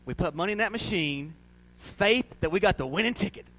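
A male pastor preaches a sermon in a high, bright-edged voice. His delivery is conversational and emphatic. He often speaks straight to the congregation and works jokes into the message. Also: lively intonation, a little fast, slight background noise, rough recording.

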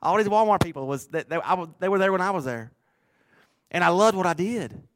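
A middle-aged man preaching a sermon in a church, rising to loud bursts and dropping to soft, low asides. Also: expressive, a little fast, no echo, clean studio sound. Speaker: pastor.

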